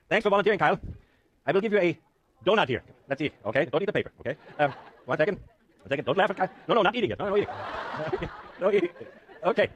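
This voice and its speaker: Fast-talking joking male professor lecturing. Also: high-pitched, muffled recording. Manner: joking, animated, self-mocking. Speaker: university professor. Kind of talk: classroom lecture with live demo. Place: lecture hall.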